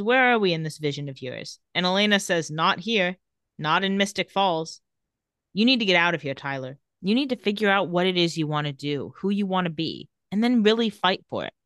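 Woman, podcast co-host, casual recap chat, flat line reading, lowish voice, dry close sound. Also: dry recording. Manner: retells scenes and reads quotes in a flat voice.

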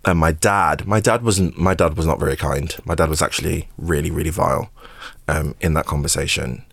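Deep-voiced man. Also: steady tone, brisk, creaky, a bit bright, husky, dry recording. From England. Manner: open, emotional, repeats words, laughs through hard memories. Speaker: actor and podcast guest. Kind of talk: candid personal storytelling.

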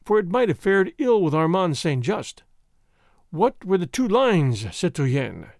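A man voicing a cunning male spy who speaks quietly and placidly, with dry sarcasm. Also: high-pitched, sing-song, normal speed, dry recording. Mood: coolly sarcastic.

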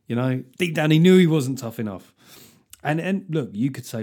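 A man's voice: fairly high pitch, expressive, brisk, darkish tone. A middle-aged man hosting a podcast. He rants in a casual comic monologue, swears a lot and plays up mock outrage. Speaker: podcast host.

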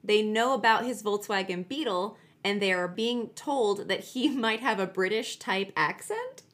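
A woman's voice: medium pitch, unhurried, fairly bright tone. A woman from Utah hosting a casual true-crime podcast, telling the case in a chatty way with jokey asides and a graver tone for the facts.

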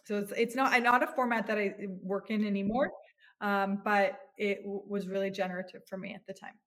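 A woman's voice: mid-range voice, flat delivery, fairly quick, a bit bright. A woman in her thirties, a psychotherapist, speaking earnestly and reflectively as a podcast guest, often restarting her phrases. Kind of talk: podcast interview.

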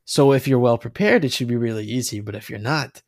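A man co-hosting a casual podcast, rambling about a video game with animated, swearing talk and many restarts. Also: mid-range voice, fairly quick, dry recording, clean studio sound. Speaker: podcast co-host.

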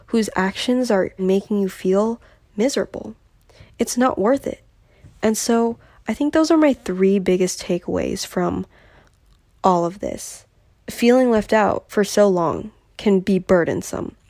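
A woman's voice: medium pitch, warm tone, dry recording, studio quality. A young adult woman hosting her own podcast, talking candidly and earnestly in a confessional way. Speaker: podcast host. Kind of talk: solo podcast talk.

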